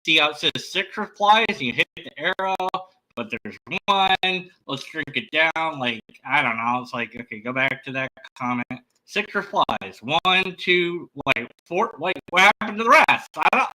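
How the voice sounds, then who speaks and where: A man talking to camera in a loose, rambling vlog, stumbling through fillers and restarts. His voice sits high and swings widely, with a very bright, sharp edge. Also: poor audio. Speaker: YouTuber. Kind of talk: casual vlog monologue.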